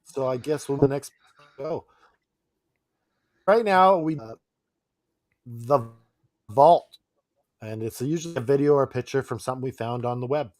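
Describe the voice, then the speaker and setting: A man's voice: mid-range voice, normal speed, long pauses, darkish tone, no echo. A man hosting a casual podcast chat, laughing often. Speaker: podcast host.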